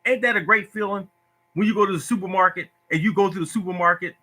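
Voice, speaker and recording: A man's voice: sits high, fast talker, bright, forceful tone. A man hosting a casual phone livestream about lottery tips, talking in a preachy, repetitive, emotional way. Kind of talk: casual Facebook live talk.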